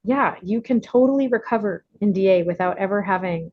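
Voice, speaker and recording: A woman's voice: medium pitch, a little fast, no echo. A woman leading a recovery workshop, giving chatty, encouraging advice full of fillers and small laughs. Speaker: workshop leader. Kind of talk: casual advice on a video call. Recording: dull, dry lo-fi audio.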